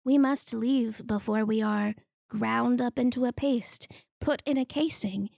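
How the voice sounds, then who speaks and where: A woman voicing an earnest adventurer who solemnly warns everyone to leave, her delivery slow and partly whispered. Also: on the high side, creaky, a little mellow, dry recording, clean studio sound. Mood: urgent.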